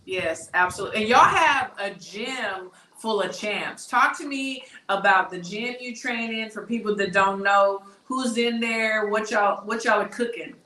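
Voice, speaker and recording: A woman's voice: mid-range voice, unhurried, few pauses, pushed and bright. A woman from Texas, hosting a boxing talk show in a chatty, casual way that often repeats words as she starts a phrase. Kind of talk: casual interview chat. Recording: echoey room, distant mic.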